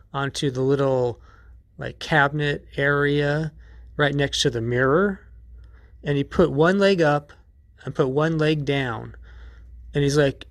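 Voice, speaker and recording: A man's voice: on the high side, a bit bright, no room sound, clean studio sound. A man hosting a podcast in a casual monologue, rambling and profane, with many restarts. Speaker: podcast host.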